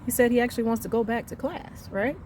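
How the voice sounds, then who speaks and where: A woman in her thirties telling an angry story about her son's school, emphatic and reenacting the conversations, swinging between quiet and loud. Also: on the high side, fast, slight background noise. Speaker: mother venting on her channel. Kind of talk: heated storytelling rant.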